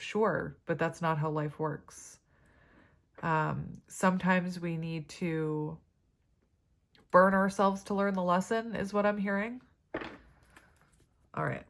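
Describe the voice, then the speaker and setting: A woman giving a tarot reading to camera, chatty and rambling, with many fillers and side stories. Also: fairly low pitch. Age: adult parent. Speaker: tarot reader.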